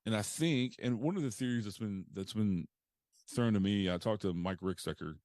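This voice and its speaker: Deep-voiced man explaining calmly. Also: moderate pace, no room sound, studio quality. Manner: explanatory, steady, frequent fillers. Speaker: paranormal investigator guest. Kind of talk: casual interview conversation.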